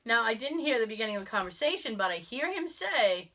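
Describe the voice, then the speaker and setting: A middle-aged woman co-hosts a casual podcast and tells her stories in an animated way, slipping into the voices of the people she quotes. Her voice is bright and forceful and sits a little high. A lingering illness leaves her with a cough. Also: quick pace. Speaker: podcast co-host. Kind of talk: casual storytelling chat.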